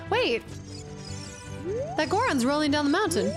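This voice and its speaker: Brief: young woman streamer, high voice, unhurried and giggly, slightly hoarse, game music behind. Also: sing-song. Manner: giggly, chatty, talks to her cat. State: voice going hoarse, clears throat. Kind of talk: casual gameplay chat.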